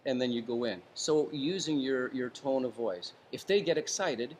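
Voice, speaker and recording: A man with a mid-pitched voice gives advice in an interview, calm and deliberate. He shifts his tone and leans on pauses for effect. A faint noise sits under the recording. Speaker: interview guest, former hostage negotiator.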